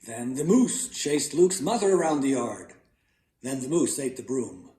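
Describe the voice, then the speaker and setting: A man reading a children's story aloud in an animated, theatrical way. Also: mid-range voice, measured pace. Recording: roomy echo.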